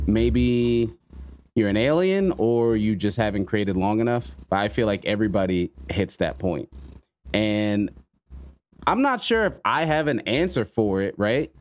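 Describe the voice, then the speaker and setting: A man hosting a casual podcast chat, excitable and swearing freely as he tells stories. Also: on the low side, measured pace. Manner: excitable, swears a lot, animated storytelling.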